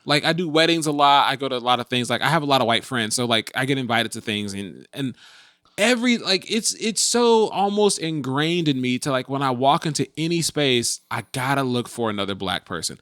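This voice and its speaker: A man's voice: mid-range voice, fairly quick, no room sound, studio quality. A man co-hosting a podcast, chatting casually and telling stories in a loose, colloquial way. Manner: animated, storytelling, colloquial. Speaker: podcast co-host. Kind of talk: casual chat.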